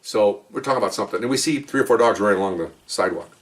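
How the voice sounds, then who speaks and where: A man's voice: fairly low pitch, racing, far from the mic. A middle-aged man who is a police officer, telling his own stories in a rambling, chatty way full of asides. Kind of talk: casual spoken storytelling.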